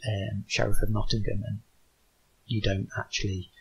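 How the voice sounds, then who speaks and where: A man guest on a podcast, talking casually about designing a board game, halting with many ums and restarts. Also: on the low side, level tone, vocal fry, breathy edge, muffled recording.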